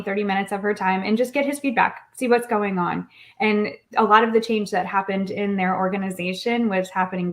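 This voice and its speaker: A woman professor speaking as a podcast guest, upbeat and quick to laugh. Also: mid-range voice. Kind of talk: casual podcast interview.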